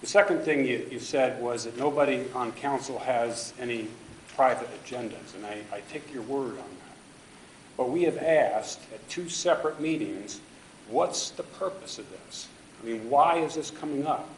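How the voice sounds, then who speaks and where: A man's voice: medium pitch, moderate pace, slight background noise. Man objecting firmly in an echoey chamber. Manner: emphatic, pointed objections. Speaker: resident giving public comment. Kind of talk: public comment at a council meeting. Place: council chamber.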